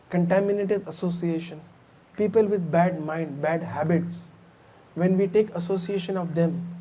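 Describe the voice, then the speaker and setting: Man giving a chatty sermon. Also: high-pitched. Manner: animated, conversational, with asides to the audience. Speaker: preacher. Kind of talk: sermon storytelling. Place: temple hall.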